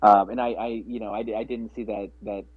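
A man's voice: fairly low pitch, flat delivery, a little fast, slightly rough, no room sound. A man chatting casually about films, rambling with many restarts and fillers. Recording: dry, phone-like narrow sound.

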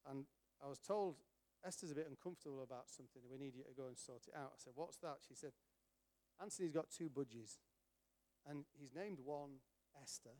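A middle-aged man telling an animated story to an audience, acting out the voices of the people in it. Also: mid-range voice, brisk. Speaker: speaker at a charity event. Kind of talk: storytelling talk.

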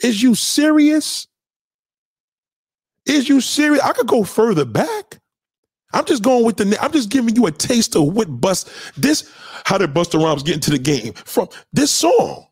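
Middle-aged New York streamer: brash, profane, challenging, voice sits high and swings wildly, dry close sound. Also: male voice, very animated, unhurried, husky, no echo. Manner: loud, profane, boastful, challenging. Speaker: live streamer playing records for chat. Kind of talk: hyped trash talk over music.

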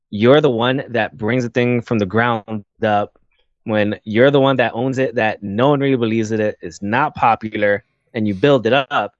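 A man's voice: mid-range voice, no room sound, muffled recording. A man on a casual sports podcast, telling stories in an emphatic way. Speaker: podcast co-host.

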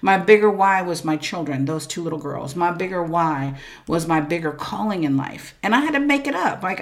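A woman guest in an interview, an entrepreneur and speaker, talking about her life in an emphatic, expressive way with many asides of "like" and "right?". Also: fairly low pitch, normal speed. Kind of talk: candid interview storytelling.

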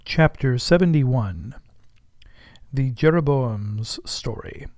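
A man reading a classic novel aloud as an audiobook, measured and at times hushed. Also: medium pitch, expressive, no room sound, clean studio sound. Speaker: audiobook narrator. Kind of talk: literary audiobook narration.

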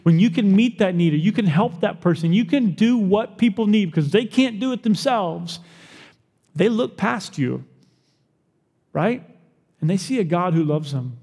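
A man preaching a sermon as pastor, animated, asking the crowd questions and acting out the people he quotes. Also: high-pitched, normal speed, breathy edge, in a large hall.

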